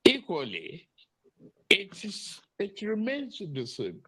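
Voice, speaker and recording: A man in his seventies giving a halting public statement, stopping and repeating words as he goes. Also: sits high, huge pitch swings, a bit bright, slightly rough, low-quality recording. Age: 70s. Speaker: politician in an archive clip. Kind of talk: press statement.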